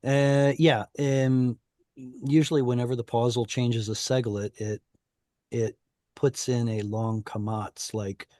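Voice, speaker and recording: A man's voice: mid-range voice, level tone, a little slow, dark tone, no echo, studio quality. A man teaching an online Hebrew class, explaining informally with many fillers and restarts over a video call.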